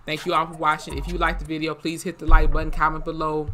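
A YouTube host chatting casually in a reaction vlog, slangy, profane and animated. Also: mid-range voice, fast talker, a little hiss or hum.

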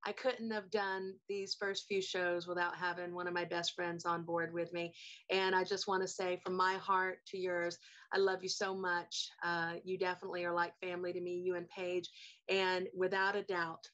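A woman's voice: medium pitch, a bit bright, lo-fi sound. A woman from Georgia, hosting a casual interview show in an effusive, chatty way. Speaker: host.

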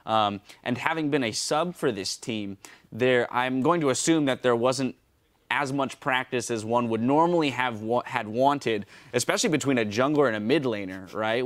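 A man's voice: mid-range voice, no room sound. Guy doing post-match esports interviews, dry close sound, long winding questions. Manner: fluent, long detailed questions.

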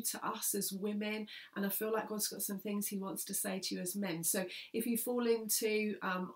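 A woman's voice: mid-range voice, gravelly. A woman pastor preaching an earnest sermon, repeating key phrases for emphasis and sometimes dropping almost to a whisper.

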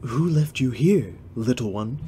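Legolas, a man reading as a gentle elf prince. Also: mid-range voice, animated, measured pace, slightly rough.

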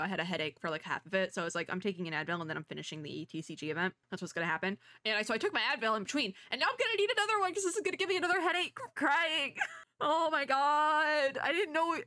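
A woman's voice: on the high side, pushed and bright, no room sound, clean studio sound. A young woman streaming as a VTuber, reacting to a game in a chatty, emotional way full of fillers.

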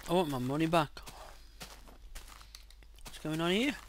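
A man casually commenting on his own gameplay, excitable and quick to swear loudly when frustrated, speaking into a desk mic. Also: fairly high pitch, noisy background. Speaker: gaming channel host. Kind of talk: casual let's-play commentary.

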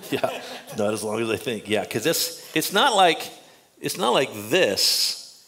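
An older man preaching a sermon as pastor, emphatic and earnest, often dropping to quiet, confiding asides. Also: mid-range voice, very animated, slow, slightly rough. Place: church sanctuary.

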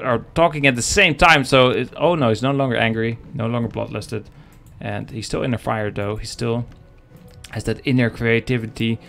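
Male esports caster, joking and chatty, medium pitch, faint music behind. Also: fairly bright tone. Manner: joking, chatty, talks to the chat. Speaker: game caster. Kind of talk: live esports commentary.

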